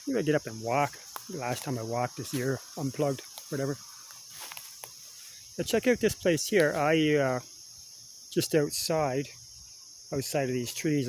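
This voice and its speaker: A man's voice: medium pitch, a little mellow, slight background noise, rough recording. A middle-aged man with a Canadian accent, from Kingston, Ontario, chatting casually and saying "eh" while walking through a wooded patch, filming on a handheld camera. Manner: chatty, laughs often, says "eh". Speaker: vlogger. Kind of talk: casual rambling vlog.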